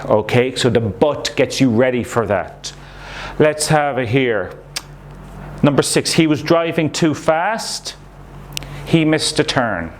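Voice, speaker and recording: A man's voice: medium pitch, expressive, takes it slowly, a little hiss or hum. A man teaching a recorded English lesson to young pupils, explaining patiently and checking in with "okay?" as he goes. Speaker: primary school English teacher.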